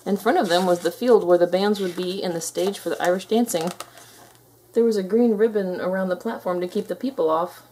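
A woman reading a children's picture book aloud in a calm, steady storytelling manner. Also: fairly low pitch, brisk, breathy edge. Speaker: storybook reader.

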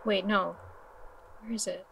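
A woman's voice: medium pitch, fairly even intonation, measured pace, gravelly, fairly bright tone, slight background noise. A young woman streaming a video game, chatting casually in a giggly, scattered way full of exclamations and restarts.

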